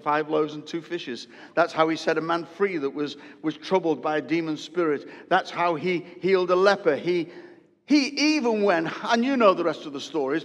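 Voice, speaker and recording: A man preaching a live sermon as pastor, telling Bible stories with animated, acted-out asides. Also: fairly high pitch, muffled recording. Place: church hall. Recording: long church reverb.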